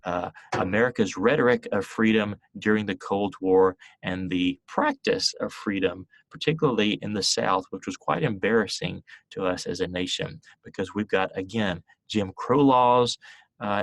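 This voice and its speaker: A man's voice: lowish voice, moderate pace, gravelly, dry recording. A man teaching a history class in a recorded lecture, explaining step by step with frequent fillers and restarts.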